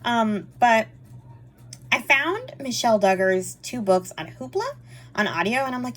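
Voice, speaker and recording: A woman's voice: a little high, lively intonation. Woman book reviewer, casual rambling wrap-up chat, filler-heavy and easygoing. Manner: chatty and rambling, frequent fillers and quick laughs.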